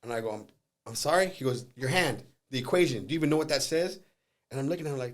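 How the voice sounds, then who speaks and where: A middle-aged man from Southern California, a podcast guest telling stories fast with plenty of swearing. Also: medium pitch. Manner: fast storyteller, swears freely, acts out quoted voices. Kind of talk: casual chat.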